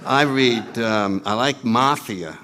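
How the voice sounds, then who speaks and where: A man's voice: medium pitch, slow pace. A man speaking at a recovery meeting, telling his story with wry self-mockery and acting out his own past lines. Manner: animated, acts out his own past lines in put-on voices. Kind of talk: storytelling talk to a meeting audience.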